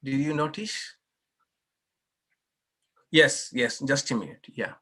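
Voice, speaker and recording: A man's voice: medium pitch, slow pace, bright, forceful tone, husky. A man, a monk, teaching a scripture class in a patient, explanatory way and inviting questions and corrections. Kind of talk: unhurried scripture class talk with Q&A.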